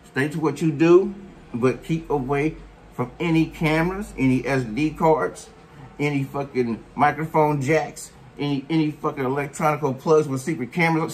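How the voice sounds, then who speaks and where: A man's voice: on the high side, a little hiss or hum. A man giving a profane, mocking reaction rant as a vlogger, scolding someone in heavy slang. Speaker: commentary vlogger.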